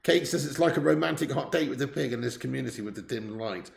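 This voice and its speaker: A man's voice: mid-range voice, quick pace, gravelly, roomy sound. A man hosting a football watch-along livestream, chatting casually with viewers, laughing and swearing as he jokes around. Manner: jokey, laughing, swearing banter. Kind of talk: casual livestream chat reading viewer messages. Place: temporary setup on a trip in Spain.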